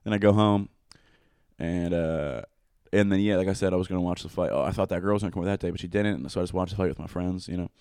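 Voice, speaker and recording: A young man with a low-pitched voice tells a rambling story at a quick clip, peppering it with fillers and swearing. The sound is close and dry, with no room around it. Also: fairly even intonation, mellow, clear, resonant tone, no room sound. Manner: rambling, profane, full of fillers. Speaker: guest telling a story. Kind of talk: casual storytelling chat.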